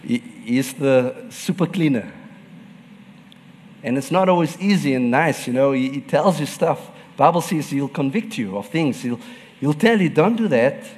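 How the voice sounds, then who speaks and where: A man's voice: medium pitch, lively intonation, measured pace, darkish tone, long reverb tail, a little hiss or hum. A man preaching a sermon as pastor, telling personal stories and laughing often.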